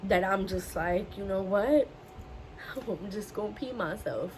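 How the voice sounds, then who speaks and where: Speaking unhurriedly in a medium-pitched voice, a young woman vlogger recounts her personal story with emotion. She goes over the same points repeatedly, and faint noise is audible behind her.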